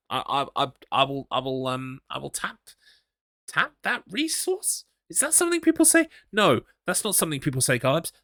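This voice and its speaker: An English man streams a horror game, rambling casually, talking to himself, and teasing himself as he reads his chat. His voice is fairly high with a sharp tone, captured in a dry, studio-quality recording.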